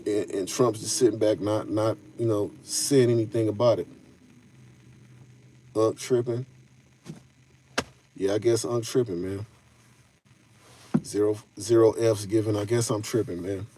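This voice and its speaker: This streamer speaks in a lowish, mellow voice at a moderate pace, his tone steady, with a little hiss or hum on the recording. He chats loosely in slang as casual live-stream commentary, replying directly to his viewers in chat.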